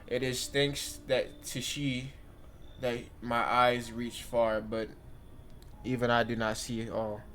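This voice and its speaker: A man voicing a mysterious, prophetic visitor who speaks in hushed, solemn pronouncements. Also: medium pitch, flat delivery, takes it slowly, slight background noise.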